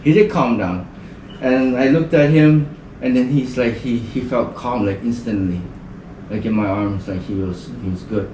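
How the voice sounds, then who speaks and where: A man's voice: medium pitch, moderate pace, background noise. A man from the Northern Mariana Islands telling a story in casual podcast chat, rambling and leaning heavily on "like" as a filler. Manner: rambling, heavy use of "like" as filler. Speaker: podcast guest. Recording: roomy sound from a distant mic.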